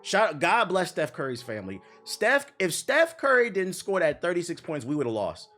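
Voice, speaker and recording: A young man on a live stream, ranting with a fairly high voice that swings widely in pitch. He is heated and profane, and he hammers his points home. Faint music plays under him. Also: wildly swooping pitch, normal speed, fairly bright tone. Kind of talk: animated live-stream rant.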